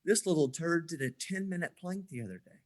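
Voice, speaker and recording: A man's voice: a little high, a little fast. A man in his forties, a podcast guest, telling stories in a casual chat and acting out the dialogue as he goes. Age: 40s. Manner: animated storyteller who acts out quoted dialogue.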